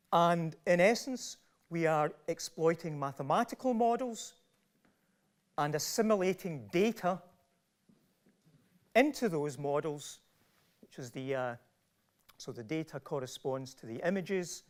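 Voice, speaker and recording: A man's voice: a little high, lively intonation, slow, long pauses. A middle-aged man with a Glasgow Scottish accent giving a public lecture, emphatic and full of rhetorical questions. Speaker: professor giving a talk.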